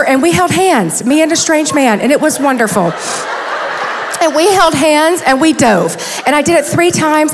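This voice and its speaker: A woman in her fifties with a high voice tells funny stories about herself from a conference stage, chatty and close to tears. Her voice carries a long reverb from the large hall. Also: a little hiss or hum. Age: 50s. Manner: chatty, self-deprecating, teary. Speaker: conference speaker. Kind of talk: conference talk with humorous stories.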